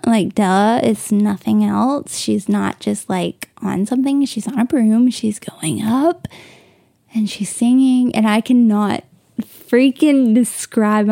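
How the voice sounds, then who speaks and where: A woman's voice: a little high, gravelly, warm tone, dry recording, clean studio sound. A young woman hosting a casual solo podcast from home, gushing and emotional, tearing up at times. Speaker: podcast host. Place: bedroom at home, on the bed.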